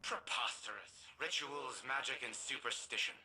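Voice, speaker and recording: A man's voice: medium pitch, moderate pace, a little hiss or hum, low-quality recording. An actor voicing an arrogant, scornful male scientist in a video game. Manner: scornful, lively sneering.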